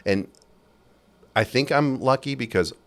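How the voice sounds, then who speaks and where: A man's voice: medium pitch, measured pace. A man guest on a podcast, telling his stories casually and animatedly, acting out the people he quotes. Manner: animated, acts out quoted bosses in raised voices. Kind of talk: casual storytelling. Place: based in Las Vegas.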